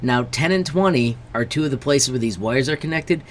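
A man's voice: medium pitch, fairly quick, slight background noise. A man, a teacher, walking through a screen-recorded tutorial step by step, friendly and stressing warnings. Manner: friendly, repeatedly says friends.

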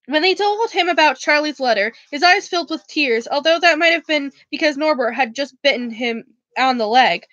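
A woman reading a novel aloud in a casual book club style, stumbling over words and correcting herself as she goes. Her voice is high. The recording is dry and close, with a dull, lo-fi edge. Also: animated, normal speed, few pauses, fairly bright tone, no room sound.

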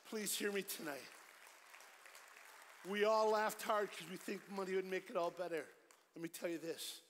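A middle-aged man giving a lively, joking evangelistic sermon at a church concert, swinging from loud storytelling to hushed pleading. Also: high-pitched, normal speed, a faint crowd, slight background noise. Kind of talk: energetic evangelistic sermon with jokes. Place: large church concert hall. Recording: live church hall with long reverb.

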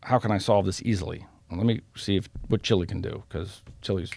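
Gravelly, low-voiced man telling street stories. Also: fairly quick, darkish tone, slight background noise. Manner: blunt, profane, street-talking storyteller. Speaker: podcast guest. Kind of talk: storytelling in a casual interview.

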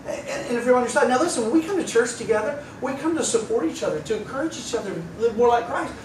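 A man's voice: very high voice, lively intonation, quick pace, slight background noise. A pastor preaching a sermon in a conversational way, with wry asides and voices for the people he quotes. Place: church sanctuary. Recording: roomy church sound from a distance, faint ambience.

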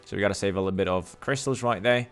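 A man giving casual gameplay commentary, explaining steps and getting loud and swearing when the game frustrates him. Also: lowish voice, fast talker, clear, resonant tone, soft background music. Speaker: gameplay streamer.

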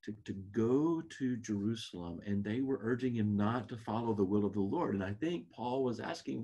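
A man's voice: on the low side, normal speed, hardly any pauses, warm tone, slightly rough. A man teaching a Bible class lesson in an earnest, reflective way.

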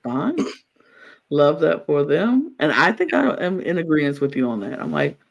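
A man co-hosting a podcast in casual chat, talking in an animated way and acting out other people's words. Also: measured pace, vocal fry, dull audio. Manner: animated, acts out quotes in high exaggerated voices. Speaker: podcast co-host.

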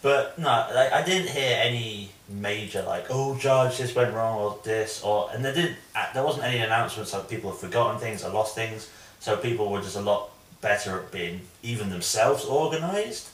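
Low-pitched English man, animated storyteller, recorded far off in an echoey room. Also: normal speed. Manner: animated storyteller, acts out quotes. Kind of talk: casual chat. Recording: roomy, distant mic.

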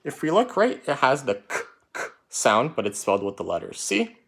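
A man teaching an online spelling lesson, reading words slowly and spelling them out letter by letter. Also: mid-range voice, a little hiss or hum. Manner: slow, drawn-out letter-by-letter dictation; lively, up-and-down teacher intonation.

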